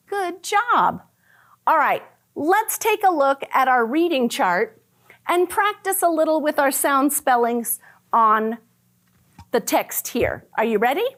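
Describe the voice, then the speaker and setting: A woman teaching a phonics lesson to young children, sounding out letter patterns slowly and praising often. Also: high voice, a bit bright. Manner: slow, exaggerated sounding out of letters; cheerful praise and questions to the listener. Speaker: first grade teacher.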